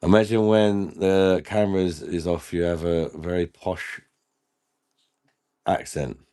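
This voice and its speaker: A man's voice: low-pitched, level tone, slow, warm tone, smooth. A man hosting a casual live stream, laughing often and bantering with viewers in the chat while he drinks.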